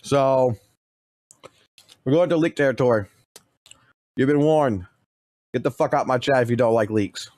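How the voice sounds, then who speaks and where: A man's voice: medium pitch, a little slow, long pauses, a little mellow, no echo. A man streaming live, talking casually and swearing constantly as he rants to his chat. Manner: profane and blunt, swears constantly.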